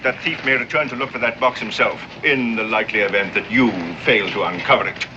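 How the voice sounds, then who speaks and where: An actor playing a pompous naval commodore who speaks formally with cutting sarcasm. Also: male voice, on the low side, a little fast, muffled recording, background noise, natural voice. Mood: sarcastic.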